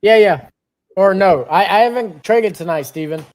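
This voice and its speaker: A man's voice: high voice, lively intonation, moderate pace, darkish tone. A man on the company team, patiently explaining things to viewers on a livestream. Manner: patient, reassuring, explains plainly. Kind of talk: casual chat on a livestream.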